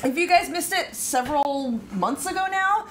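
A woman's voice: sits high, animated, moderate pace, fairly bright tone, slight background noise. Chatty, laughing woman livestream host. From United States. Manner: chatty, laughs often, playful complaining. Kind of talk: casual chat, reading live chat aloud.

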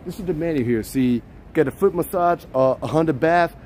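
A man mimicking a soft-spoken vlogger intro. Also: a little high, moderate pace, slight background noise, natural voice. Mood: mellow. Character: travel vlogger man opening his video.

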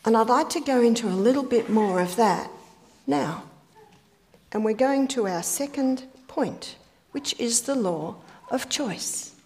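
A woman speaking to a church audience in a sermon-like lecture. Her voice sits fairly high, and she tells stories with emphasis. She drops to a near whisper to land her points. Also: lively intonation, a little slow, a little mellow, a little hiss or hum. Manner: storytelling, emphatic, rhetorical questions, drops to a whisper on key points.

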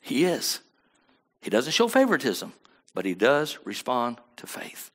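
A man preaching a sermon as pastor, dropping to quiet asides and then rising to loud emphatic lines, often asking the congregation to agree. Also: expressive, a little slow, pauses often. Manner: swings from low murmurs to loud emphatic bursts.

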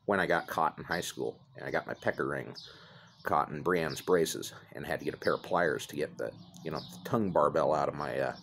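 A man hosting a casual storytelling rant, crude and rambling, with deadpan humor and high put-on voices when he quotes people. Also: a little hiss or hum. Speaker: host. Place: indoors in his chair, smoking.

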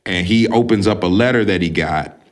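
Male podcast host with a lowish voice, animated and profane, retelling a movie in his own words. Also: moderate pace. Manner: animated, profane storytelling, acting out characters. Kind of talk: casual film recap.

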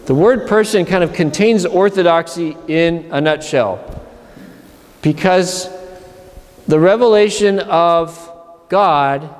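Heard in a large hall inside a church, this slightly high male voice belongs to a monastery abbot from Pennsylvania. His retreat sermon is conversational, and he acts out inner voices as he speaks.

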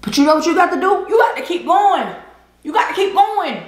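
A woman's voice: very high-pitched, expressive, brisk, reverberant. A woman vlogger talking earnestly to camera between bites, preachy and full of slang, breaking into laughter. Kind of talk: casual heartfelt monologue while eating. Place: indoors at home, eating a seafood boil.

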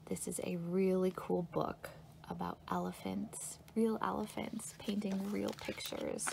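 A woman's voice: mid-range voice, unhurried, creaky. A woman working as a children's librarian, leading a story time in an upbeat, patient way that coaxes young kids along. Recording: noisy recording with steady hiss.

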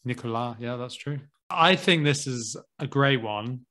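A man's voice: medium pitch, measured pace, pushed and bright. A British man hosting a podcast, chatting in an easygoing way and often ending with tag questions. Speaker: podcast host. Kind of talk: casual chat.

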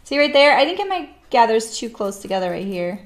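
A woman's voice: fairly high pitch, big pitch swings, brisk. A middle-aged woman chatting casually with viewers of her live stream while she sews, rambling and laughing often.

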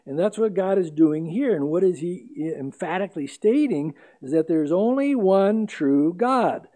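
A man preaching in a fairly high, mellow voice. He talks emphatically, drawing out the scripture verses slowly for weight. A pastor teaching verse by verse. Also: lively intonation. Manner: emphatic, slows down to stress scripture readings. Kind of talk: expository sermon.

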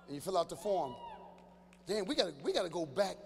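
Loud high-voiced man doing stand-up. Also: creaky. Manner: loud, animated, rapid teasing with sudden shouted bursts. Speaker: stand-up comedian. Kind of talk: stand-up riffing with an audience member. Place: large church hall before a live audience. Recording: reverberant hall with faint ambient noise.

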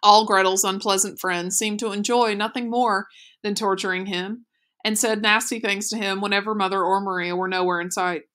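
A woman teacher reading a children's novel aloud in a clear, steady, expressive way. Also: mid-range voice, normal speed. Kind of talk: audiobook read-aloud narration.

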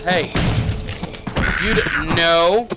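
A man's voice: on the high side, very slow, low-quality recording. A man giving casual gameplay commentary as a let's-play host, goofy and joking, talking to the characters on screen and making his own sound effects. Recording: game music playing under the voice.

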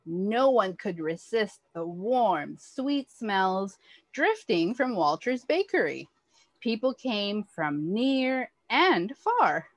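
A woman, an early childhood educator, reading a picture book aloud to children with expressive, animated storytelling. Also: mid-range voice, slow, no room sound.

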